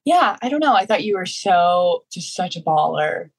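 A young woman in her twenties, a podcast guest, telling stories in a relaxed, giggly chat. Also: on the low side, moderate pace, slightly rough, low-quality recording. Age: 20s. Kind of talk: casual chat.

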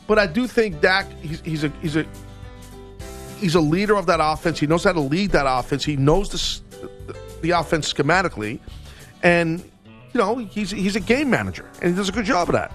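A man's voice: a little high, a bit bright. Guy hosting sports radio, rambly, voice bounces all over, faint music behind. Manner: rambling, repeats fillers and restarts. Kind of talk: casual sports radio chat.

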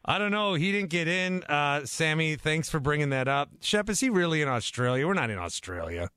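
A man's voice: fairly high pitch, sing-song, brisk, sharp tone, clear, resonant tone, no echo. A male sports radio host talks on a dry studio mic. He is chatty and casual, laughing along with callers and often restarting his sentences as he goes. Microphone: studio microphone.

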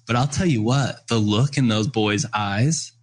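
A man's voice: lowish voice, a little slow. A man telling a story and explaining an idea in casual conversation, earnest, with many "uh"s and "right?"s. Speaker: guest speaker on parenting.

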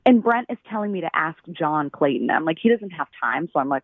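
Fast-talking woman on a tinny phone line. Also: lowish voice, no echo. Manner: animated storyteller, acts out quotes. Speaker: caller, fellow radio host. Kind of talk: call-in radio chat.

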